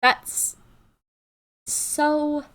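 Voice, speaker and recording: Earnest woman giving advice, higher voice. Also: little pitch movement, extremely slow, a bit bright. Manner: earnest, repeats okay and right, frequent restarts. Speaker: YouTube creator. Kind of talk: casual advice talk to camera.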